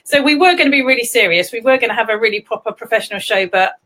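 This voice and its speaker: A woman's voice: fairly high pitch, very fast, sharp tone. A woman from England hosting a casual livestream chat, giggling often and chatting in a scattered way. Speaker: livestream host. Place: home livestream.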